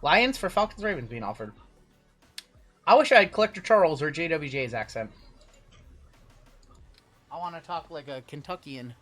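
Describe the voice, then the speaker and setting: A fairly high-voiced man hosts a live stream in a loose, chatty way. He rattles off long lists of names and teams and talks back to the chat between them. Faint music plays underneath. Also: big pitch swings, moderate pace, long pauses, fairly bright tone. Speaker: host of a live card-break stream. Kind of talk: casual live-stream commentary.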